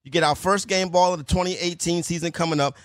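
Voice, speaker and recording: Fast-talking, slangy radio host man. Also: on the high side, steady tone, no room sound, studio quality. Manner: loose, slangy, chatty. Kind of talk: casual sports radio talk.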